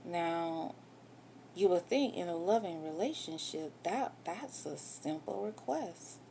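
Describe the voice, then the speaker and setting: A woman's voice: lowish voice, expressive, slow pace, creaky, warm tone, a little hiss or hum. A woman candidly telling a personal story in a vlog, getting emotional and swearing when upset. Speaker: vlogger telling her own story.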